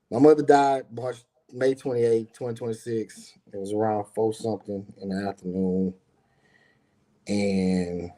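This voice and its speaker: Here a middle-aged man who owns a business shares a personal story in a lowish, mellow voice. His casual monologue wanders, leans on slang and swears freely, speaking directly to the people watching.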